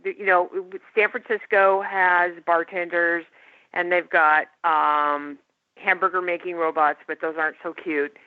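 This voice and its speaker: A woman's voice: on the low side, little pitch movement, unhurried, no echo. Woman guest on a tinny phone line. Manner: chatty, enthusiastic. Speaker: tech guest. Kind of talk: casual podcast chat.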